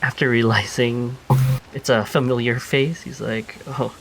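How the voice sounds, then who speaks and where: Halting male tabletop player. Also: mid-range voice, fairly even intonation, faint music behind, low-quality recording. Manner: halting, many uh fillers. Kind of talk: describing a character's actions in a tabletop game.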